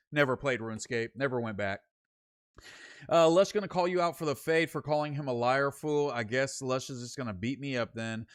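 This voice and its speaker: Young streamer from Sacramento, mid-pitched, casual, reads chat aloud and rambles through stories with plenty of "uh" and "like.". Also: male voice, moderate pace. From Sacramento, California. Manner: rambling, slangy storytelling with many fillers. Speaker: streamer hosting a late show. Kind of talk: casual livestream chat, reading viewer comments.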